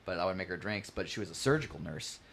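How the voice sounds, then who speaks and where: A young man with a fairly low voice tells stories in a loose, casual way. He gets animated and laughs as he acts out his relatives' lines. Faint background noise sits under the chat. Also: quick pace, vocal fry. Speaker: podcast guest.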